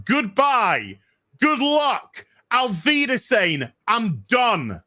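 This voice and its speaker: A man's voice: very high voice, huge pitch swings, drawn-out words, sharp tone. A man co-hosting a podcast, delivering a heated, emphatic rant full of swearing. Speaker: podcast co-host. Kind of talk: angry profane rant.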